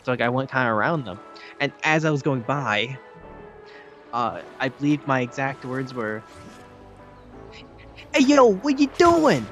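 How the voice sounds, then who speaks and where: A man chatting casually over a game, telling a story in halting starts with many fillers. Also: mid-range voice, fairly bright tone, soft background music. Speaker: co-host. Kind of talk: casual gaming chat.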